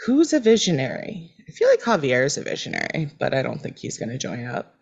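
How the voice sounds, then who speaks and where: A woman's voice: a bass voice, huge pitch swings, fairly quick, creaky, breathy edge, lo-fi sound. A woman co-hosting a podcast in casual chat, making dry, wry remarks. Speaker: podcast co-host. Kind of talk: casual chat recapping a TV show.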